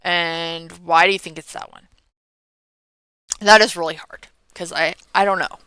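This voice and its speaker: A woman's voice: lowish voice, fairly even intonation, measured pace, sharp tone, smooth, no room sound. Chatty, tired millennial woman. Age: 30s. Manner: rambling, chatty, trailing off. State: yawning, tired. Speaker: meme creator. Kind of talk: casual Q&A vlog.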